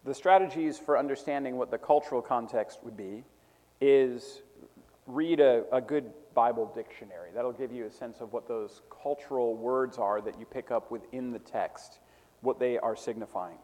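A man's voice: mid-range voice, darkish tone. Man lecturing methodically in a reverberant hall. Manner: methodical, repeats definitions slowly for note-taking. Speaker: teacher of a preaching class. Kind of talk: classroom lecture.

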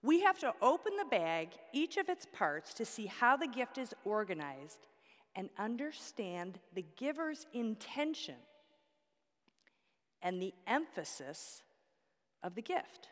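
A woman's voice: fairly high pitch, very animated, slow. A woman teaching a Bible study class, explaining step by step with props and asking the class questions. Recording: long hall reverb.

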